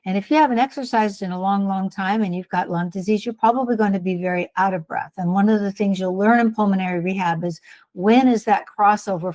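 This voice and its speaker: A woman's voice: medium pitch, a little fast, darkish tone, no room sound. A woman co-hosting a health podcast, giving plain-spoken, encouraging advice on exercise and breathing like a respiratory therapist. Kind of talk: casual advice chat.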